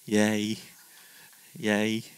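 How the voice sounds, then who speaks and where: A man's voice: fairly low pitch, monotone, very slow, clear, resonant tone, no room sound, poor audio. A middle-aged man preaching a sermon, telling a story in a chatty, humorous way and acting out the other people's voices. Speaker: pastor.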